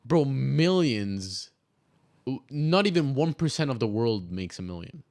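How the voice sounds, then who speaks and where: A man's voice: mid-range voice, sing-song, measured pace, a little mellow. A young man co-hosting a laid-back podcast, talking loosely and restarting phrases as he searches for words. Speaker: podcast co-host. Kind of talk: casual chat.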